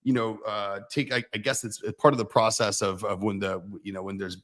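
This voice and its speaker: A man co-hosting a casual livestream, telling a rambling story with animated voices. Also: on the low side, a little fast. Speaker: co-host.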